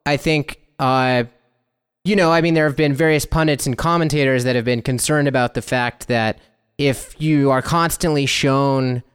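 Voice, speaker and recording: A man chatting on a podcast in a smooth, clear voice at an ordinary middle pitch. He thinks out loud, trails off, circles back and fills the gaps with fillers. He drops into short acted-out inner voices to make his point. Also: steady tone, normal speed. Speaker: podcast co-host. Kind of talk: casual conversational discussion.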